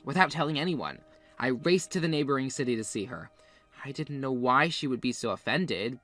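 A man with a medium-pitched, pushed, bright voice delivers a scripted first-person story as earnest confessional narration, with faint music behind him.

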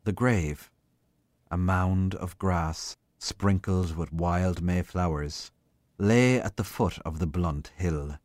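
A man giving a slow, measured literary reading of a short story. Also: sits low, a little mellow, dry recording. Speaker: reader.

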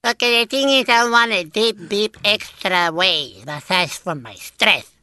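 Brief: man doing a stressed, stammering caller with broken English, bright edge, dry. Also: high-pitched, lively intonation, unhurried, smooth, no room sound, exaggerated voice. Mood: frantic pleading. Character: stressed middle-aged male caller, bumbling. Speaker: prank caller.

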